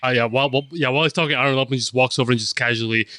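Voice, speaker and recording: A man's voice: mid-range voice, fairly even intonation, rapid-fire, sharp tone. A man playing a tabletop game, rambling and repeating words as he describes his character's actions. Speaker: player.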